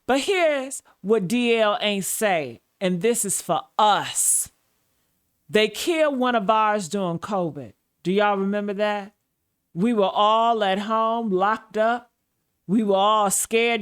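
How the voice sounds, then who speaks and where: Slow, preachy woman commentator. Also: mid-range voice, smooth. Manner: preacher-like, repeating phrases. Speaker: commentary host. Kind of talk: scripted commentary monologue.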